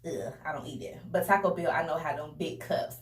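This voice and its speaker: A young woman telling a casual storytime to her viewers in a chatty, animated way, often calling them y'all. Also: sits low, a little fast. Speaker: vlogger. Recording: roomy echo, a bit distant from the mic.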